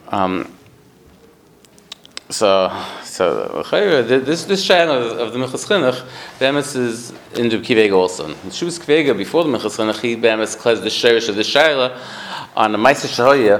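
Man teaching a halting Torah class. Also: medium pitch, poor audio. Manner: halting, with frequent restarts and Yiddish-Hebrew terms. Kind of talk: Talmudic lecture to a study group.

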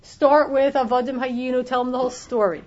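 Higher-voiced woman teaching, lo-fi recording. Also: fairly even intonation, brisk, darkish tone. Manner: explanatory, many restarts, acts out quoted voices. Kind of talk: Torah class on the Haggadah. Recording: dull lo-fi recording.

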